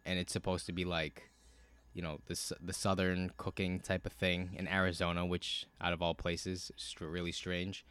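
Profane, animated man, low voice. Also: normal speed, smooth, dry recording. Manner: profane, animated, many fillers. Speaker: podcast co-host. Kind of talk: casual chat, storytelling.

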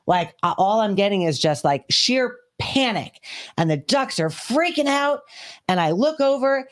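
A woman co-hosting a podcast, telling a story in casual chat, animated and swearing freely. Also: medium pitch, unhurried. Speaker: podcast co-host.

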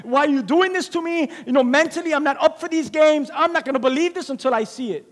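A man's voice: very high voice, fast talker, in a large hall, pitched above the performer's own voice. A man voicing a doubting male disciple who is frightened and insists he will not believe until he sees proof. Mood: defiant, fearful. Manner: insistent, pleading.

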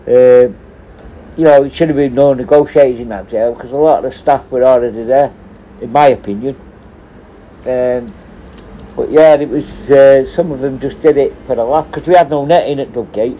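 A man's voice: mid-range voice, mellow, muffled recording, a little hiss or hum. Sweary man telling prison stories. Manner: sweary, rambling, laughs at his own stories. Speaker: former prison officer and hostage negotiator. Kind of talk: casual storytelling.

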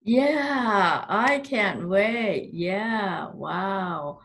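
A woman guest on a casual online show who speaks in a measured, earnest way. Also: medium pitch, animated, fairly bright tone. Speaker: guest healer. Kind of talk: casual chat.

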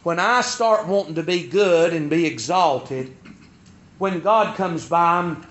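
Bright high-voiced preacher, lo-fi. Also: male voice, slow pace. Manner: emphatic preaching, repeating words for stress. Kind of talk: sermon.

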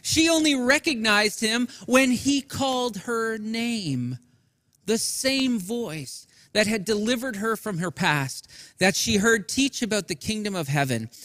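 A middle-aged man, a pastor, preaching an Easter sermon with earnest emphasis that drops soft and low in quiet passages. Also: expressive, takes it slowly, no echo, big-room sound. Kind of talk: Easter sermon streamed to people at home.

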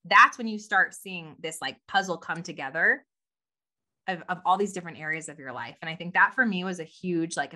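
A woman co-hosting a casual podcast chat, animated and laughing often, with many "like" fillers. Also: fairly low pitch. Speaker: podcast co-host.

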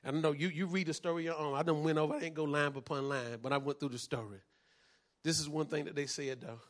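A man, preaching a sermon as pastor, moving from calm teaching to shouted fervor. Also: fairly high pitch, fast.

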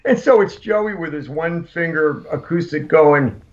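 A man, a punk musician guest, telling rambling, animated stories in casual chat. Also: a little high, a little slow. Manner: rambling, animated anecdotes with acted-out quotes. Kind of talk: casual storytelling. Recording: lo-fi podcast audio.

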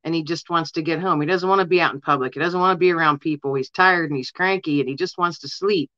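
A woman's voice: deep voice, quick pace, fairly bright tone, dry recording, lo-fi sound. A woman guest in an interview, earnestly telling personal stories in a casual way and often saying "you know". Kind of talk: casual storytelling.

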